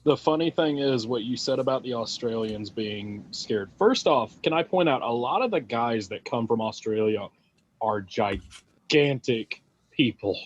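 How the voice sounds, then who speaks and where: A man in casual podcast chat, telling an anecdote in an animated way. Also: mid-range voice, unhurried, muffled recording.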